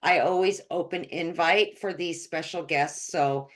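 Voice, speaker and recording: Low-voiced woman hosting a video call. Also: unhurried. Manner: encouraging, repeats words. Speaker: community host.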